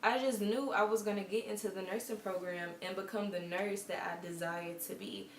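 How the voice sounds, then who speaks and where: A woman's voice: medium pitch, fairly even intonation, moderate pace. Chatty young woman in an echoey room. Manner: chatty and earnest, with quoted asides. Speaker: vlogger. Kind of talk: casual storytelling to camera. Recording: echoey room with faint background hum.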